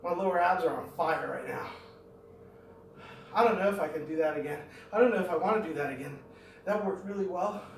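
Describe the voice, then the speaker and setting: Middle-aged male fitness vlogger, thinks out loud; roomy echo, faint ambience behind. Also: on the high side, fast talker, gravelly, a little hiss or hum. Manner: rambling, thinking aloud between exercises. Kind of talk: talking through a home workout. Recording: echoey room, mic at a distance.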